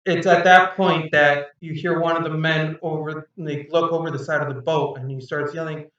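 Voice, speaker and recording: A man's voice: fairly high pitch, fairly even intonation, normal speed, hardly any pauses, fairly bright tone, very echoey, recorded from a distance, lo-fi sound. A man narrating as game master of a tabletop game, rambling and hesitant with fillers.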